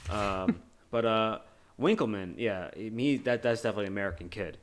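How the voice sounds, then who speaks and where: A man's voice: on the low side, expressive, normal speed, slight background noise. A man co-hosting a casual movie discussion podcast, rambling and joking loosely with many restarts. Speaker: podcast co-host.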